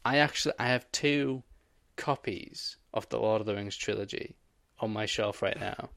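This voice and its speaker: A young man co-hosting a podcast, telling an animated story in casual chat and swearing often. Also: on the low side, moderate pace, vocal fry. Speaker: podcast co-host.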